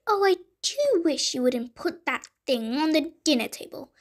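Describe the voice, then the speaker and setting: A woman's voice: high voice, moderate pace. A woman voicing the giant's fussy, patient wife in a bedtime storybook, who speaks in a chiding tone. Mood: calm chiding. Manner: calm and chiding, then shrieking.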